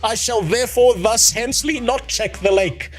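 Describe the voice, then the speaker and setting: A man voicing an earnest game hero speaking in mock-Shakespearean phrases, slow and solemn. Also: very high voice, faint music behind, pitched above the performer's own voice.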